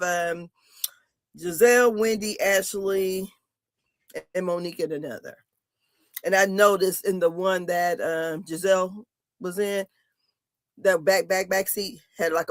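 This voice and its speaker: A woman's voice: mid-range voice, a bit bright, no room sound. A woman walks through a reality TV episode in a chatty, blunt way, with casual swearing. Her voice sits mid-range and sounds dry and close, with no room around it. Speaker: co-host recapping reality TV. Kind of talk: casual chat.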